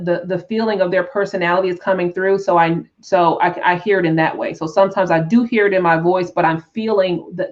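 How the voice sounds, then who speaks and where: A woman teaching tarot on a live stream, talking in an unhurried, reflective way with frequent restarts and "right?" check-ins. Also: mid-range voice, dull audio. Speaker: tarot teacher and spiritual coach.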